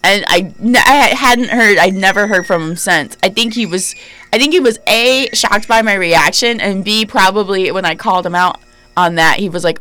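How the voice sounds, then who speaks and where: A woman in her thirties hosting a podcast, telling stories casually in a deliberately lowered, spooky voice, chatty and emphatic with lots of fillers. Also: bright, forceful tone, poor audio. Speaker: podcast host. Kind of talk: casual storytelling.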